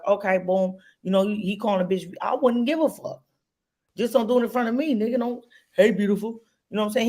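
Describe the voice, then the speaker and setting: A woman's voice: a little high, a little mellow. Blunt, profane woman telling stories. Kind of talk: casual chat.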